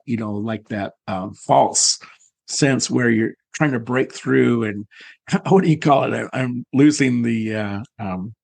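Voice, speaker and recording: Male podcast host, halting and searching for words, dry close recording. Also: mid-range voice, gravelly, dry recording. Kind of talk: conversational interview.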